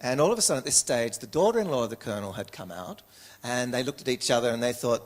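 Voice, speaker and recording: A middle-aged Australian man, an educator, telling stories from his past as a guest in an interview, lively and anecdotal with frequent self-corrections. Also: medium pitch, quick pace. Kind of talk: storytelling in an interview.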